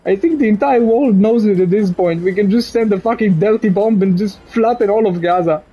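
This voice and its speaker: Tearful, husky young man, voice breaking. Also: sits high. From Israel. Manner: halting, repeats words, swears, voice breaking. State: crying, choked up. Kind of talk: emotional direct-to-camera monologue. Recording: dull lo-fi recording.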